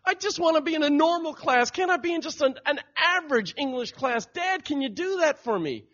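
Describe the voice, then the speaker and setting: A man voicing a tearful, anxious teenage schoolgirl who pleads in a high, whiny voice. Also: lively intonation, a little fast, a bit bright. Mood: tearful pleading. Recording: dull lo-fi recording.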